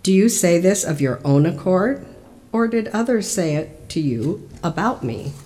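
A church lector reading the part of a calm prisoner on trial, measured and solemn. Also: mid-range voice, lightly acted. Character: calm teacher on trial, steady and grave. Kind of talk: liturgical Scripture reading.

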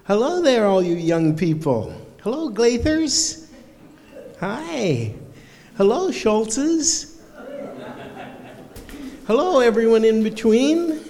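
A man leading a children's sermon in a church, his voice swooping up and down as he teases and quizzes the young ones. He talks slowly and gently, and the big sanctuary gives his words a long, ringing reverb. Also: very high-pitched. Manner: warm, playful, talks to children with lively questions. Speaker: pastor.

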